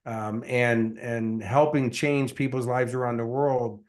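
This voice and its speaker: A man, a success coach and guest, telling his story in an earnest, animated way, with many fillers. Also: medium pitch, slow pace. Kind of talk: casual interview storytelling.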